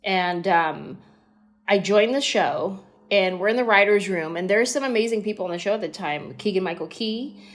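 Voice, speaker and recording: A woman comedian in her thirties tells stories as a podcast guest. She is lively and animated, and drops into quick impressions mid-story. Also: mid-range voice.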